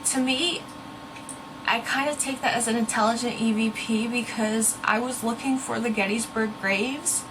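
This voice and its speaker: Chatty young woman, high voice. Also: steady tone, moderate pace, noisy background. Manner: chatty, earnest, searches for words. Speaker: ghost-hunting vlogger. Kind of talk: casual talk to camera.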